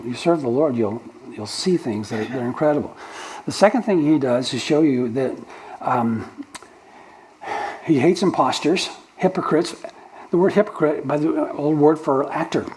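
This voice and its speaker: Older-pitched pastor teaching a sermon. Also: male voice, a little mellow, a little hiss or hum, poor audio. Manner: explanatory teaching, breaks down original-language words with restarts. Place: church sanctuary.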